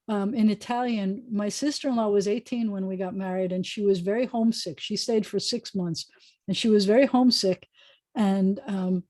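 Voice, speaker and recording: A woman's voice: mid-range voice, a little mellow, no echo. Chatty woman rabbi teaching online. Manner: chatty, thinking aloud, many fillers. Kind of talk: informal online lesson. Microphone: video call.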